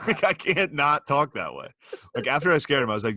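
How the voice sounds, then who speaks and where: A man's voice: medium pitch, very animated, fairly quick, sharp tone, dry recording, studio quality. A young man co-hosting a podcast, telling crude, profane stories and laughing often in casual banter. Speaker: podcast co-host.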